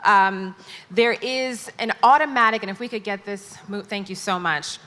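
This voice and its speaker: A woman's voice: medium pitch, normal speed, pushed and bright. A woman moderating a conference panel, introducing the guests in a chatty, playful way. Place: large conference hall stage. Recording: long hall reverb.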